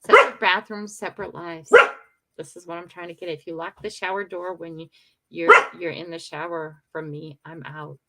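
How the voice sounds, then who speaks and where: Older female streamer, gravelly low voice, chatty and heartfelt with viewers. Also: steady tone, moderate pace, heavy background noise. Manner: chatty, emotional, talks to viewers. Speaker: livestream host. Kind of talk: casual morning livestream chat.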